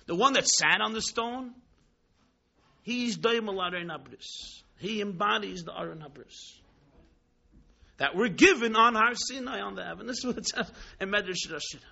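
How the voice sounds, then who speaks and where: A man telling a story in a sermon, dramatic, swinging between hushed tones and exclamations, mixing in Hebrew and Yiddish terms. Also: sits high, gravelly, husky. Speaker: rabbi teaching Chassidus. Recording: dull lo-fi recording.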